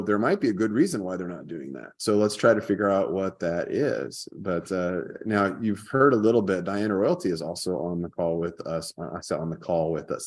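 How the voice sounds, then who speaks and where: رجل بصوت عميق جدًا يتحدث بأسلوب ودّي. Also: male voice, low-pitched. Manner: storytelling, easy and chatty. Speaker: podcast host. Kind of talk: casual chat.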